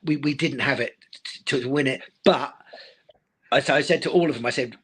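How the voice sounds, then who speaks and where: A man's voice: mid-range voice, moderate pace, fairly bright tone, slightly rough. A middle-aged man and former speedway rider in a casual live interview, talking emotionally and repeating his words.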